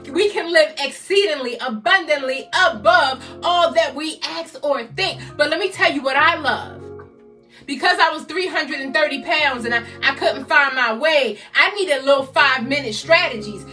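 Woman in her 50s, motivational speaker, loud and exhorting, high bright voice, distant mic, faint music behind. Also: moderate pace. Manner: loud, exhorting, repeats rallying phrases. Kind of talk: live-stream motivational talk.

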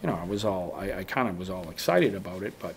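A low, gravelly man's voice, rambling through a long story in a casual podcast chat. He keeps slipping into quoting his own past thoughts. A faint hiss sits under the recording. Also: very animated, quick pace. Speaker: guest bowhunter.

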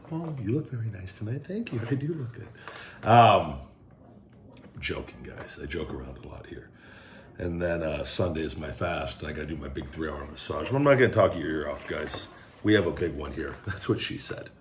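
Deep-voiced joking man hosting a food vlog. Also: slight background noise. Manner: joking, hyped, self-mocking. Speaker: host.

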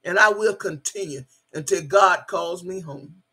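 A husky-voiced woman chats through her livestream and talks back to her viewers. Her delivery is loud, cussing and boastful, with a sharp, forceful edge. She laughs easily as she goes. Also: fairly low pitch, a little slow. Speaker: livestream host reading chat. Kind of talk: casual livestream chat.

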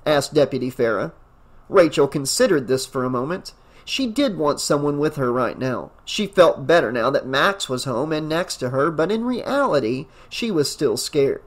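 Hoarse male audiobook narrator. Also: fairly high pitch, normal speed, a bit bright. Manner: rambling, enthusiastic, many fillers. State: hoarse, losing his voice. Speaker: audiobook narrator and channel host. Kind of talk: audiobook narration and casual commentary.

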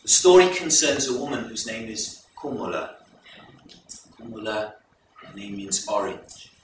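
A man presenting a folk performance, retelling the tale to a live audience in a measured, explanatory way. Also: fairly low pitch, expressive, background noise. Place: live event hall. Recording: echoey hall recorded from far off.

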